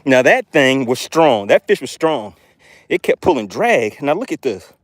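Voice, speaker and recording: A man hosting a live fishing stream from his boat, excitable, out of breath and constantly calling out to viewers. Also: medium pitch, measured pace, no echo, studio quality. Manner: excitable, keeps exclaiming and addressing viewers as guys. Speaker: fishing channel host.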